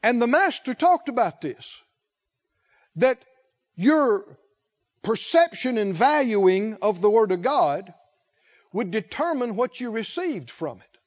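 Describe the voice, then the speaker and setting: A male preacher with a very high, lively voice delivers a sermon at a slow, deliberate pace. He leans on key words and asks his listeners questions. The recording sounds dull and lo-fi.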